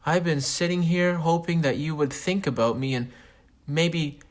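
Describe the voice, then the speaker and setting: A man voicing his own needy talking penis as a male figure, pleading and coaxing in a higher, quieter voice. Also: moderate pace, natural voice.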